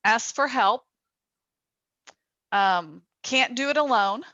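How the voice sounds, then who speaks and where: A woman's voice: a little high, expressive, slow, bright, forceful tone, dry recording, highs cut off. A woman interviewing a guest, affirming her and summing up her points.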